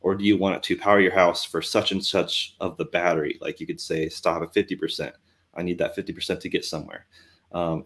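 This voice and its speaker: Podcast co-host, male, deep voice, relaxed explanatory delivery. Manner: relaxed, explanatory, uses fillers. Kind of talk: casual podcast chat.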